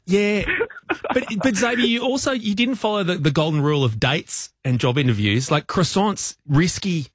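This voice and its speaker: A man, co-hosting a radio show and telling stories in an animated, self-mocking way. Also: high voice, moderate pace, breathy edge, no room sound, clean studio sound. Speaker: fill-in radio co-host. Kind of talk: casual radio banter. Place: radio studio.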